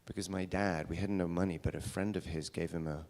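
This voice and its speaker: A man's voice: sits low, fairly even intonation, a little fast, darkish tone. A male pastor from England with a British accent tinged with American, preaching a sermon at a church service in a storytelling way, often restarting his sentences.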